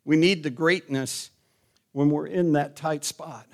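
A middle-aged man preaching as pastor speaks in a slightly high, unhurried voice. He poses questions to the congregation and rises to loud, emphatic calls.

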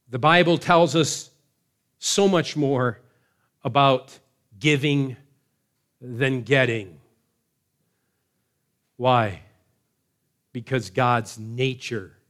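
A man preaching a sermon in a measured way, slowing down to stress key words. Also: medium pitch. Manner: measured preaching, slows for emphasis. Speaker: pastor.

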